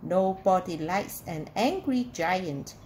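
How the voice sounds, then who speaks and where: A woman reading aloud, voicing a gentle little boy who is mistaken for a giant, in a plaintive, earnest way. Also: on the low side, lively intonation, slow pace, slight background noise, voice pushed down. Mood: kindly.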